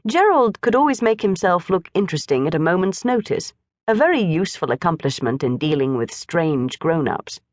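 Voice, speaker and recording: A woman narrating a classic children's storybook in an expressive, lively reading. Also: fairly low pitch, moderate pace, no room sound. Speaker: audiobook narrator.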